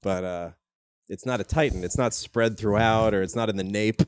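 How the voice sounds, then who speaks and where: Young man, lowish voice, dry room, casual comedic chat, rambling stories. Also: normal speed, smooth, dry recording. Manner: animated storytelling, swears, jumps up in pitch when telling anecdotes. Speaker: podcast host.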